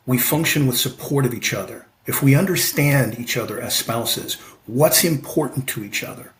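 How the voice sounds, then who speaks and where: A man's voice: mid-range voice, moderate pace, low-quality recording. Passionate fifty-something man telling stories. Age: 50s. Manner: passionate, emphatic, repeats "right?". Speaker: podcast guest, amateur fighter. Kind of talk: conversational storytelling.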